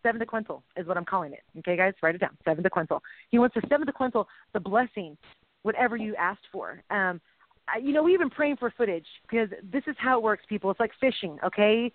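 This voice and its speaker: A woman's voice: mid-range voice, lively intonation, fast, no echo. A middle-aged woman co-hosting a faith-based chat show, talking in an emotional, rambling way with playful sound effects. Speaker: co-host. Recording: tinny phone-like dry audio.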